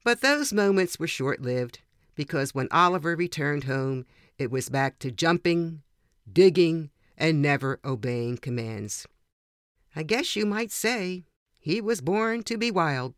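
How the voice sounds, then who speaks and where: An older woman reading a personal story aloud in a gentle, measured way, slowing down at pauses. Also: low voice, expressive, no echo, clean studio sound. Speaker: author reading her own story.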